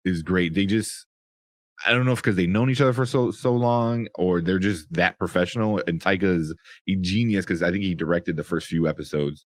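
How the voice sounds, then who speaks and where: A young man talks through a show review in a loose, rambling way, full of fillers and restarts. His voice sits fairly low. The recording is dry, with no room echo. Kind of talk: casual spoken review.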